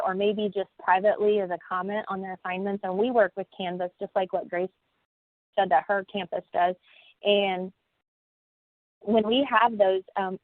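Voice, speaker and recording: Heard over a video call, a US college instructor speaks in a mid-range voice on a webinar panel. Her style is folksy and conversational, full of fillers and restarts, and the recording is dry and tinny, like a phone.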